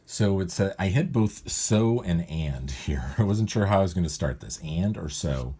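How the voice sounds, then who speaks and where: Here a male cartoonist walks casually through his approach to writing gags, thinking out loud and frequently revising what he just said. He sits low in pitch with lively intonation, a mellow, slightly rough tone and a moderate pace.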